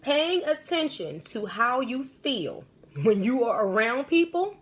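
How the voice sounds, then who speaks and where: Woman, live-stream host, spiritual medium, rambling, emphatic, slangy, lively pitch. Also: unhurried, breathy edge. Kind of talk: live-stream storytelling and advice.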